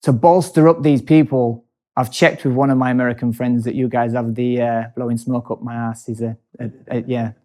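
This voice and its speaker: A man hosting a casual chat, telling a personal story in an animated way, laughing often and speeding up in bursts. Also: mid-range voice, fairly quick.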